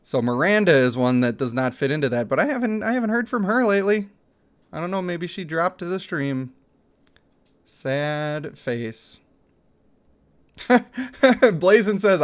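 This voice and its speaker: A man's voice: sits high, lively intonation, a little slow, long pauses. Chatty streamer man in his thirties. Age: 30s. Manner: chatty, laughs often. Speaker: streamer reading chat. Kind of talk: casual livestream chat.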